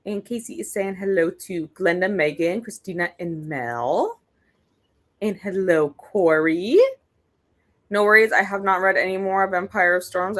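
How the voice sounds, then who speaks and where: A young woman with a somewhat low voice hosts a relaxed reading livestream. She chats casually and greets viewers by name one after another, with an easy, conversational flow. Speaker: readathon livestream host.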